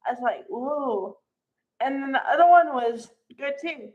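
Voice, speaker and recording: A woman chatting casually as she recaps a soap opera episode, animated and acting out the characters' lines. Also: high voice, brisk, lo-fi sound. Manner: chatty, animated, acts out quotes.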